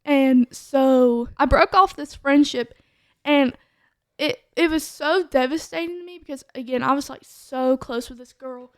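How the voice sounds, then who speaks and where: A young-sounding woman talks through her testimony on a podcast, her voice sitting high. She rambles casually, leaning on "like" and restarting her sentences, and the sound is dry and close with no room echo. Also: measured pace. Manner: chatty, full of "like" fillers.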